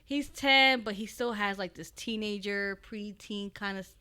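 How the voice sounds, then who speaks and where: A woman of Puerto Rican background talks casually as a podcast guest, her voice bright and clear. She tells stories with lively energy, jumping into loud acted-out quotes. Her pitch sits in a middle range for a woman. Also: moderate pace. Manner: animated storytelling, acts out quotes loudly. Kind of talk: casual chat.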